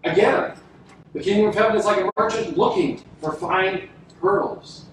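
High-voiced preacher in an echoey hall. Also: male voice. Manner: emphatic, dramatic pauses, acts out quoted lines. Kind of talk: sermon. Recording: echoey room from a distance with faint noise.

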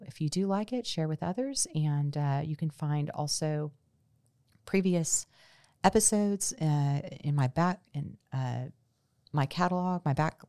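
A woman host reads a memoir in a steady storytelling way, her voice sitting low with a rough, gravelly edge. The sound is dry, with no room echo. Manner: steady storytelling with casual unscripted sign-off. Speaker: podcast host. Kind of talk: reading a memoir aloud.

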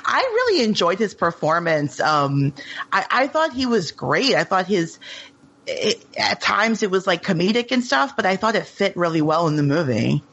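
A woman's voice: mid-range voice, big pitch swings, normal speed, a bit bright, breathy edge. A woman guest on a podcast chatting casually about a movie, full of likes and restarts. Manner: chatty, many fillers and restarts. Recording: slightly dull lo-fi sound.

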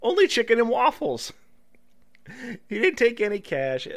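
A man's voice: very high-pitched, wildly swooping pitch, measured pace. A man co-hosting a casual comedy podcast, reading news stories aloud and breaking off to joke and laugh. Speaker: podcast co-host.

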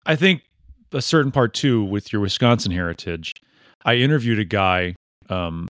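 Animated joking podcast host, dry sound. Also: male voice, fairly low pitch, moderate pace, no room sound. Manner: jokey, animated, teasing, puts on funny voices. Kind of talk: casual interview chat.

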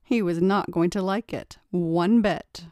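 A woman's voice: fairly low pitch, a little slow, darkish tone, no room sound, studio quality. A woman reading a first-person story aloud, in a teasing, taunting voice. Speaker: story narrator.

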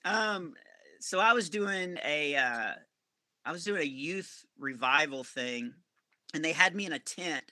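A male comedian telling rambling, animated stories as a podcast guest. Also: a little high, unhurried, no echo. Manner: animated, rambling anecdotes with self-corrections. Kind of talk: storytelling podcast interview.

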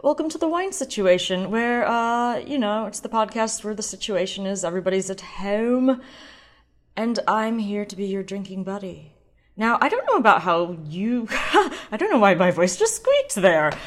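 A woman's voice: mid-range voice, sing-song, moderate pace. A woman sommelier hosting a solo wine podcast, chatting casually and playfully, drifting into tangents.

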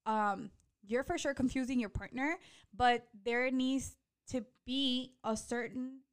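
A woman in her early thirties chatting casually as a co-host, calm and practical, mixing Spanish into English. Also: a little high, slow. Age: early 30s. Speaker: podcast co-host. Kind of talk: casual chat.

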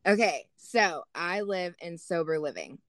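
A woman's voice: lowish voice, measured pace, no room sound, studio quality. A young woman hosting a podcast, telling stories animatedly and swearing freely. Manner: swears a lot, animated storytelling. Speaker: podcast host. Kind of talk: casual podcast chat.

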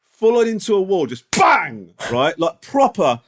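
A man's voice: high-pitched, big pitch swings, unhurried, fairly bright tone, slight background noise. A man co-hosting a podcast, telling a story in casual chat with lots of swearing. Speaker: podcast co-host.

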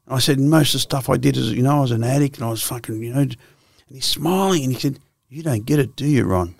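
Gravelly older Australian man, blunt and profane. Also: mid-range voice, quick pace, no room sound. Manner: blunt, profane storytelling with frequent restarts. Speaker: guest. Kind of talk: candid storytelling interview.

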